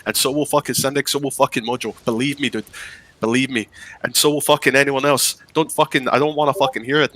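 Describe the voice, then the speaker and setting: A man's voice: mid-range voice, pushed and bright. A man in his thirties, a guild leader, ranting in casual chat with constant swearing. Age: 30s. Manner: profane, ranting.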